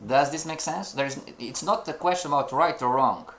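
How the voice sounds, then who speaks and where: A man's voice: a little high, fairly quick, fairly bright tone, slight background noise. A man teaching a trading lesson live to students. He speaks non-native English, sometimes searches for words, and keeps checking understanding with "you know" and rhetorical questions. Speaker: trading instructor.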